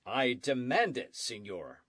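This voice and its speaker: A man's voice: mid-range voice, big pitch swings, slow pace, fairly bright tone, slightly rough, no echo, heavily acted. A blunt army sergeant repeats his orders without budging, as a man puts him on for an audiobook. His speech is short and clipped, recorded dry and close. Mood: curt. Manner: curt, repetitive, matter-of-fact. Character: blunt, stubborn military sergeant.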